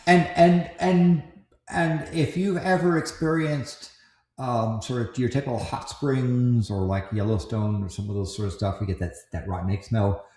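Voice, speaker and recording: A man's voice: on the low side, dark tone, echoey room. A man co-hosting a casual livestream, explaining volcano measurements with lots of restarts and fillers. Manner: halting, many restarts and fillers, joking asides. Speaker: co-host explaining volcano science.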